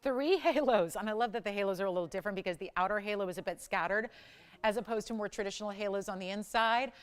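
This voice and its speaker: A woman's voice: medium pitch, quick pace, clear, resonant tone. A middle-aged woman hosting live jewelry sales on a shopping channel, pushing urgent countdown price reveals.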